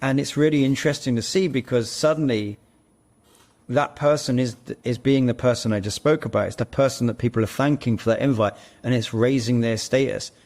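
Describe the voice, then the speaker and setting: A man's voice: mid-range voice, steady tone, fairly quick, darkish tone. A man speaking as a guest, co-founder of an audition platform, in a casual podcast conversation, explaining at length and telling earnest stories. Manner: earnest storyteller, talks in long run-on explanations.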